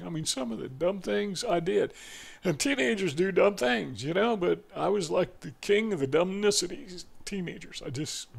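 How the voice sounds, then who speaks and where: Guy vlogging off his notes, kinda raspy fry in his voice, stops and fixes his words a lot. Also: high-pitched. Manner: halting, pauses and corrects himself. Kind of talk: unscripted monologue from notes.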